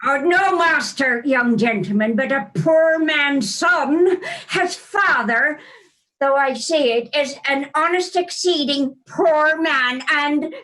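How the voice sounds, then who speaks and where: A frail, nearly blind old father, played by a woman, asks the way in a thin, very high, pleading voice. He speaks slowly and humbly, like a poor man who knows his place. This is Shakespeare performed over a video call. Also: fairly bright tone.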